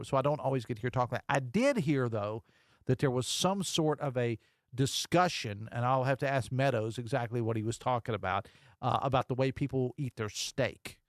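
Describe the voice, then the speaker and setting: A radio talk show host with a medium-pitched voice runs a casual call-in show from a studio, joking around and reading listener texts aloud. He uses a studio microphone, and there's no room sound.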